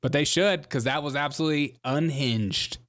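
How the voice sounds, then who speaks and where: A man hosting a live online show, giving loud, mocking political commentary and laughing often. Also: fairly high pitch, moderate pace. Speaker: livestream host.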